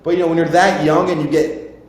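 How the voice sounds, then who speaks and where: A man's voice: fairly even intonation, brisk. A young man in his twenties, a podcast host telling a rambling, informal personal story and swearing freely. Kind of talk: casual storytelling. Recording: very echoey room, faint rumble.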